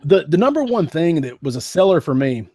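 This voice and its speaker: A man's voice: fairly high pitch, brisk. A man co-hosting a podcast, chatting casually and with enthusiasm about old game consoles. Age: adult who was a teenager in the late 1990s. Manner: animated, enthusiastic, says "man" and "dude". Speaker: podcast co-host. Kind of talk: casual chat.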